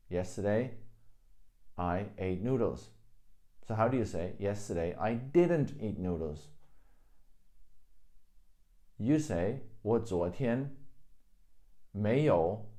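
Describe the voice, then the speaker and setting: A male teacher walks through a grammar lesson at an unhurried, deliberate pace. His voice sits fairly low and has a mellow, dark tone. He is patient and repeats every example so it sinks in. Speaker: language teacher. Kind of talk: explaining grammar in a video lesson.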